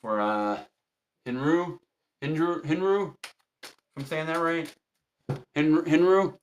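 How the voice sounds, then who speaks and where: Man with a raised pitch, firm with his chat. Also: animated, a little slow. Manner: firm, repetitive instructions to the chat; polite but strict. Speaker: tarot reader on a livestream. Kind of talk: casual livestream chat with viewers.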